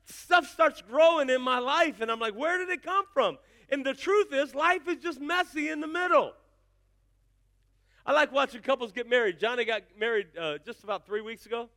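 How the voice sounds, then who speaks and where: A pastor in his fifties preaching a sermon, telling stories with asides to the congregation. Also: very high voice. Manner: animated storytelling with asides to the congregation.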